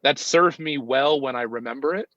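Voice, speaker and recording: A man's voice: medium pitch, normal speed, pushed and bright, no room sound. A man in his fifties, a podcast guest, talking in a reflective, hesitant way with many ums and restarts. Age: 50s. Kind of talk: casual conversational interview. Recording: dull, dry sound.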